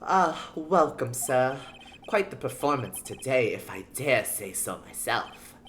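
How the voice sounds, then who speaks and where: A streamer voicing a polite, fawning male hotel manager in a game, speaking formally and flatteringly. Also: mid-range voice, slow pace, slight background noise. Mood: obsequious. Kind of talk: reading game dialogue aloud.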